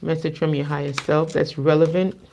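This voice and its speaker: A woman from the Caribbean co-hosting a livestream, chatting casually and reading cards in an animated, playful way. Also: low-pitched, moderate pace, vocal fry, a little hiss or hum. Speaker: co-host and card reader.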